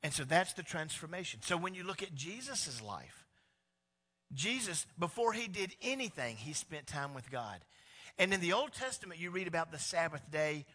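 A male pastor delivers a sermon in a fairly high, bright, forceful voice. He talks conversationally and builds emphasis through repetition, often restarting a phrase mid-thought. His delivery swings between loud, driving lines and quiet, intimate ones. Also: very animated, moderate pace, long reverb tail.

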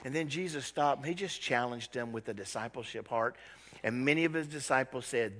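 A man's voice: mid-range voice, fairly quick, fairly bright tone, long reverb tail. A man preaching a sermon as pastor, dramatic and acting out scenes from the Bible in changing voices.

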